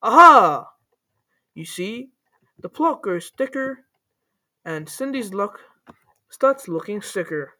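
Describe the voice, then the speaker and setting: A woman reading a rhyming children's story aloud in a playful, animated way, with the odd slip. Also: mid-range voice, slow, long pauses. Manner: playful, animated, with small slips.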